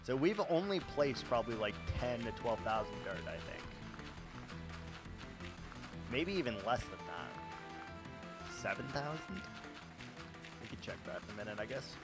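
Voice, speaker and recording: A man's voice: mid-range voice, big pitch swings, moderate pace, loud music behind the voice. A man with a Midwestern accent chatting casually on a gaming livestream, profane and rambling, laughing at himself. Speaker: streamer.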